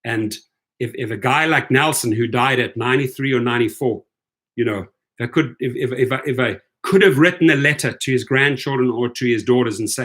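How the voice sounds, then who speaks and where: A man who hosts a rideshare video channel launches into an indignant rant, repeating his points and checking in with "right?" again and again. His mid-range voice is brisk and fairly bright.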